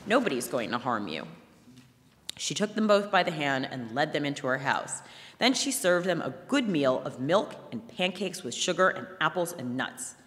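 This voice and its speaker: Woman reading a fairy tale live, low voice, big hall echo. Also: moderate pace. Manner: animated storytelling. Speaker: reader. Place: museum hall, before an audience. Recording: long hall reverb.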